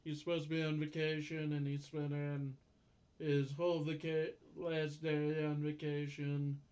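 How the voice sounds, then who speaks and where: A man's voice: a little high, completely flat delivery, measured pace, a little mellow, muffled recording. A man co-hosting a casual anime review chat, chiming in with added details. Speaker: co-host. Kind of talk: casual episode recap chat.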